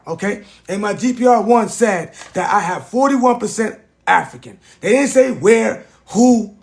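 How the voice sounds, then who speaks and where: Rambling man, high voice. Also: vocal fry. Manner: rambling, repetitive, addresses chat directly. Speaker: live stream host. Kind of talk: casual live stream monologue.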